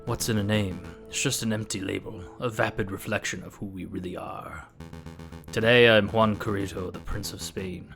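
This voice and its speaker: A man's voice: lowish voice, fairly even intonation, normal speed, vocal fry, a bit bright, soft background music. A man voicing a cunning male fox who poses as a prince, talking in a suave, theatrical way with a put-on Spanish accent. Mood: philosophical.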